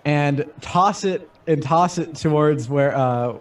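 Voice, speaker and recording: A man's voice: fairly high pitch, slow pace, far from the mic. A man playing in a tabletop game, hesitant and restarting his sentences. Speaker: player.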